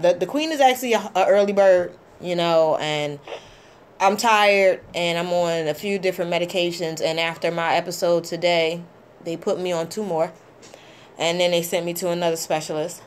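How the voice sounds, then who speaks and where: A middle-aged woman hosting a call-in show, talking in a heartfelt, halting way with many ums. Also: on the low side, a little hiss or hum. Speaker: host. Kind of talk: casual call-in show talk.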